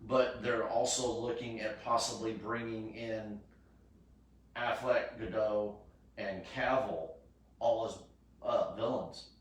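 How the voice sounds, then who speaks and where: A man chatting casually as a host, pausing and restarting his sentences with many fillers. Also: fairly low pitch, fairly even intonation. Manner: halting, restarts often with fillers. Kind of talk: casual chat. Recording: echoey room, far from mic.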